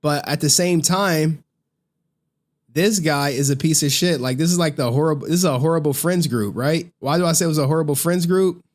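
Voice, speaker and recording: A man's voice: on the high side, fairly quick. A man streaming, casually recapping a horror movie in profane slang and acting out the characters' lines. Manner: animated, profane slang, acts out scenes with voices.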